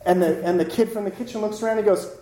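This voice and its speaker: A lecturer giving a casual talk, telling stories in an animated way and often tossing in "right?" to the listeners. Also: mid-range voice, fast. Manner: animated storytelling, frequent "right?" asides. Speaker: lecturer on Buddhism. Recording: roomy room with faint noise.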